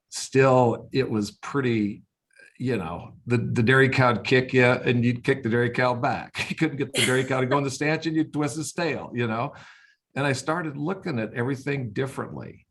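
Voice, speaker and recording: An older man, a veterinarian, telling casual stories with lively sound effects. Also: medium pitch. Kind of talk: casual storytelling.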